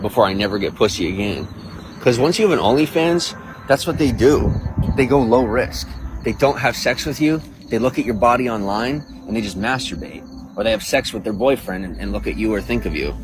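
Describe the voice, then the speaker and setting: A very low-voiced man talks casually on a livestream, crude and boastful as he rambles on to his viewers. Steady background noise runs beneath his voice. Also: moderate pace. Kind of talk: casual livestream chat, reading viewer comments.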